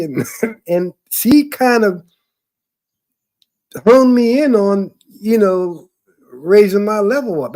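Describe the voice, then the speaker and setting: A man telling loose, profane stories in casual chat, rambling with fillers and laughing often. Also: high voice. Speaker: podcast talker.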